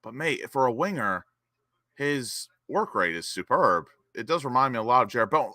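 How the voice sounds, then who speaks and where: A young man hosts a live football watch-along stream. His voice is bright and forward, and the sound is close and dry. He chats with viewers, then bursts into excitement whenever the play picks up. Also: medium pitch, normal speed, no room sound. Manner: excitable, reads chat names and cheers goals.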